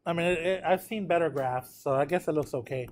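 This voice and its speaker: A man's voice: on the high side, a little fast. A tired man teaching a math class, talking students through a graph and checking in with them often. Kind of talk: live classroom lecture at a whiteboard.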